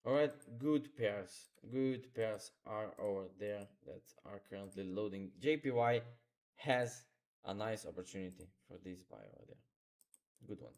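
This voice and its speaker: A man's voice: on the low side, measured pace, a little mellow. Man talking through charts live. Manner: instructive, repeats phrases, non-native grammar. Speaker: trading streamer. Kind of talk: live market commentary.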